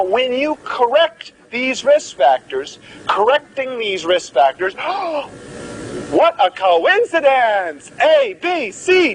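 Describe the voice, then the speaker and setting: A man's voice: high voice, fairly bright tone, a little hiss or hum, rough recording. A man giving a live medical lecture, joking and theatrical as he quizzes the class.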